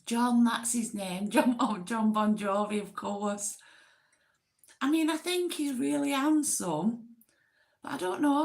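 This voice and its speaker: Slow, gravelly woman chatting. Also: a little high. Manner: chatty, giggly, rambling, self-deprecating. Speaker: livestream host. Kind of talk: casual chat with viewers.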